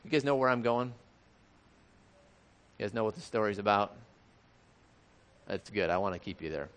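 A man's voice: fairly low pitch, lively intonation, normal speed, a bit bright, clear, resonant tone. Man reading a story in church. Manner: reads aloud with restarts and asides to children. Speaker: pastor reading a children's story. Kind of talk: sermon and read-aloud children's story.

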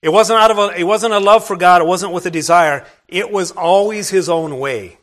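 A man's voice: high voice, normal speed, a bit bright. A man preaching a sermon, retelling a scripture story in a plain, conversational way with asides to the congregation.

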